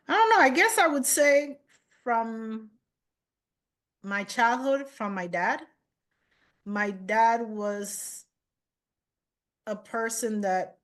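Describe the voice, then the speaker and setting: A woman chef as an interview guest, speaking in a measured, reflective way about her life. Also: on the high side.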